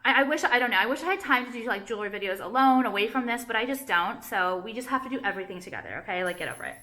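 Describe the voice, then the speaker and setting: Bright-voiced rambling young woman vlogger. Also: a little high, animated, racing. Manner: rambling, self-interrupting, heavy use of "like", anxious. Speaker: vlogger and jewelry designer. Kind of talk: casual rambling chat to camera.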